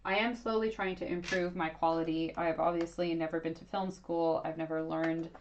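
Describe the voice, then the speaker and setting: Chatty woman, slightly low, dull audio. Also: flat delivery, normal speed. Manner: chatty, rambling, frequent fillers and self-corrections. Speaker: archaeologist YouTuber hosting a livestream. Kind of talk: casual livestream Q&A chat. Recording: dull lo-fi sound.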